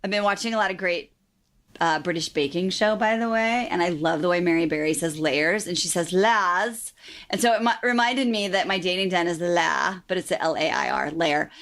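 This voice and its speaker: A woman's voice: lowish voice, a little fast, fairly bright tone. A middle-aged woman from the American Midwest hosting a podcast, bubbly and chatty, sprinkling "like" and swearing freely. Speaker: podcast host and dating coach. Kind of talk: casual podcast chat.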